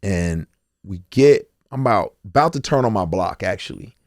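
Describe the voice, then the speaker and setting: A man's voice: low-pitched, normal speed, no echo, clean studio sound. A man in his forties, a guest telling his life story candidly and acting out the voices of others. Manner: animated storyteller, acts out quotes.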